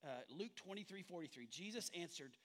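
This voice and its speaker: A man's voice: high-pitched, lively intonation, brisk, a bit bright. A male pastor preaching a sermon in a church sanctuary, talking conversationally and drawing the congregation in with questions and jokes.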